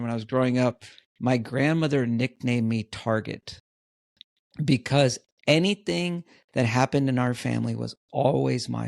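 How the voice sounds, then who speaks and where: A man's voice: mid-range voice, gravelly, a little mellow, no room sound, studio quality. A man who is a guest on a podcast, telling self-deprecating stories in a casual way and chuckling at himself.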